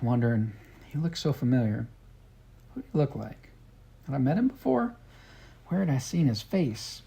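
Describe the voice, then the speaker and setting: A man's voice: mid-range voice, gravelly, mellow. A man narrating a storybook in an earnest first-person way. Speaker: audiobook reader.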